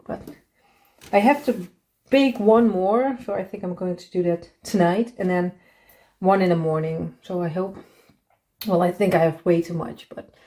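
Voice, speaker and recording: A woman talks her way through a home baking session in a relaxed, mellow voice, musing aloud about oven times and flavors. She sounds casual and thinking on her feet, in an ordinary kitchen. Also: lowish voice. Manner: chatty, thinking aloud while tasting. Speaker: cooking vlogger.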